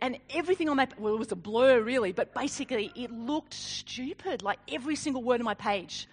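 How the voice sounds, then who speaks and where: A woman giving a sermon, telling a personal story in an animated, self-deprecating way with frequent laughs. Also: high-pitched, a little fast, few pauses, husky. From Australia. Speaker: speaker.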